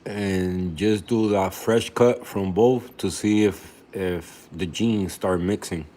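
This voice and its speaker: A young man with a low voice talks loosely in a home vlog. He rambles and restarts his sentences as he walks through his aquarium setup, with a faint hiss of room noise behind him. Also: steady tone, slow, mellow. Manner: rambling, restarts often, talks while eating. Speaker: reef tank hobbyist vlogger. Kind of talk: casual vlog talk.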